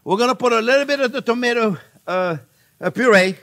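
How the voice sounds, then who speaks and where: A man's voice: very high voice, fairly quick, vocal fry, a bit bright. An older man hosting a cooking show, chatting and joking with his viewers as he demonstrates a recipe in a kitchen. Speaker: chef and cooking show host. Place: home kitchen.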